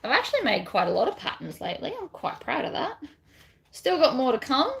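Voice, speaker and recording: A woman with a slightly high voice chats as she works at the sewing machine. Her talk is rambling and casual, as on a crafting livestream. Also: huge pitch swings, a little fast, gravelly, a bit bright. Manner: chatty, reads out viewer comments, rambling. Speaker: bag pattern designer.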